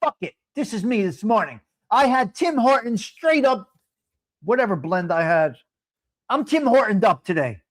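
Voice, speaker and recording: A man hosting a live stream, chatting casually and ranting loudly with heavy swearing, calling out viewers by name. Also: high voice, big pitch swings, normal speed. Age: 50s. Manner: loud, profane, ranting, addresses viewers by name.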